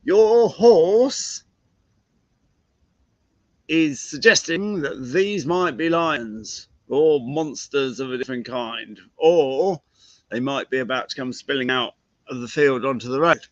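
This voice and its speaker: A man's voice: mid-range voice, measured pace, no room sound. Chatty male horse trainer, lo-fi. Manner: chatty, asks rhetorical questions. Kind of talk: casual live-stream teaching talk.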